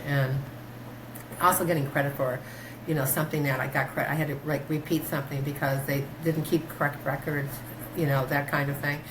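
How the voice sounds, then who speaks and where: A woman doctor talking in a casual interview, rambling through stories with many fillers and restarts, her pitch jumping when she quotes herself. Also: noisy background. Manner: animated, pitch jumps when quoting herself. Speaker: guest, doctor.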